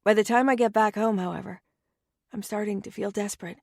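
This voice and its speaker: Woman, first-person romance audiobook narration, wry and anxious, close dry studio sound, mid pitch. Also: steady tone, brisk, vocal fry, a little mellow, no room sound.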